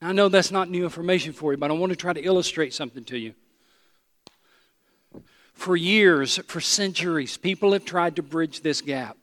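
A man preaching a sermon, emphatic and repeating his phrases, sometimes dropping to a hushed voice. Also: a little high, normal speed. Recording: long hall reverb.

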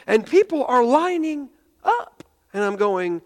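High-voiced man preaching in a hall. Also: animated, measured pace, long pauses. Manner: earnest, retelling with quoted voices, stammering restarts. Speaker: pastor. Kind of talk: sermon storytelling.

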